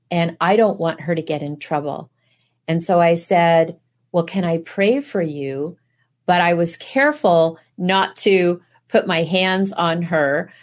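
Woman, middle-aged, guest preacher; slow, deliberate, earnest, asks the room rhetorical questions. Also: lowish voice. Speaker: guest speaker. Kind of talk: preaching testimony.

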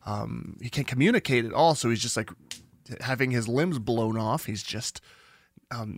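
A man's voice: medium pitch, fairly bright tone, dry recording. A man co-hosting a podcast in casual chat, rambling and giggling, often trailing off mid-thought. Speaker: podcast co-host.

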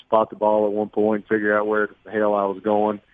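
A man's voice: lowish voice, completely flat delivery, brisk, dry recording. A man, a sportscaster guest telling self-deprecating stories in a phone-in radio interview. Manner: storytelling, self-deprecating, chatty. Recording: tinny phone line.

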